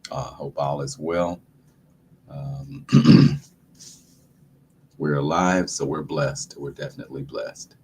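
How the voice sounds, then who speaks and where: Man, very low voice, laid-back livestream host, dry throat, faint room hum. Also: slow pace, pauses often. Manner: relaxed, repetitive greetings to viewers. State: dry throat, sucking a lozenge. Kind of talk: casual livestream chat.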